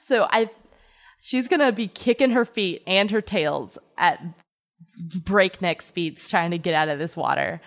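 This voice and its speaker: A woman playing a tabletop game, rambling and full of fillers as she explains her character's choices. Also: on the low side. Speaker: player.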